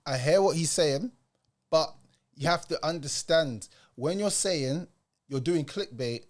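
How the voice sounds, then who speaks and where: Brief: young British man, fired-up reaction host, slangy and emphatic, voice sits a touch high. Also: a little slow. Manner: heated, emphatic street talk. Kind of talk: casual reaction commentary.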